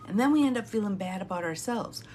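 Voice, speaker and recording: A woman's voice: mid-range voice, expressive, quick pace, darkish tone, a little hiss or hum. A middle-aged woman coaching viewers in a live talk, emphatic and repeating her key phrases. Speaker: intuitive guidance coach.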